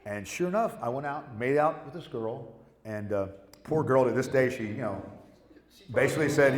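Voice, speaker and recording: A man's voice: mid-range voice, moderate pace. A man on a convention panel telling profane anecdotes and acting out the people in them. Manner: animated, acts out the people in his stories. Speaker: guest actor on a convention panel. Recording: echoey convention hall.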